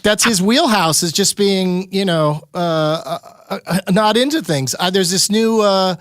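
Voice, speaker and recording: A man's voice: high voice, a little slow, a bit bright, no room sound, studio quality. A man hosting a podcast, telling stories in a wry, joking way and laughing often. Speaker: podcast host. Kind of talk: casual interview chat.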